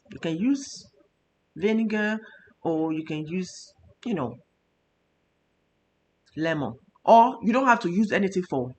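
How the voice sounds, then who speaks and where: Emphatic Nigerian woman with a lively voice. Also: medium pitch, a little hiss or hum. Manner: emotional, emphatic, preachy. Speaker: nutritionist host. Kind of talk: health talk show.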